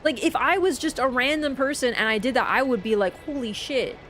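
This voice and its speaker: A young woman streaming a game, chatting casually and telling travel stories with animated swings into quoted voices. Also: high voice, fairly quick, slight background noise. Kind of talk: casual chat while gaming.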